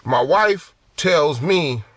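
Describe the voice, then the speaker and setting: A man ministering through a personal testimony, telling it in an animated, conversational way and often repeating phrases. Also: fairly high pitch, drawn-out words, dry recording.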